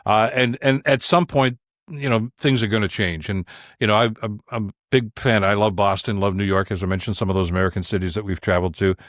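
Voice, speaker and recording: A man speaking as a guest, giving his opinions in an emphatic, animated way and repeating words as he starts each point. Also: fairly low pitch, quick pace, dry recording, studio quality. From Canada. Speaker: podcast host as guest. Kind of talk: conversational opinion talk.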